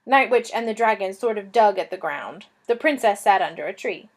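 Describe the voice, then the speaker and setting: A woman reading a children's fantasy novel aloud, telling it in a lively, expressive way. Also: medium pitch, moderate pace. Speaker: reader.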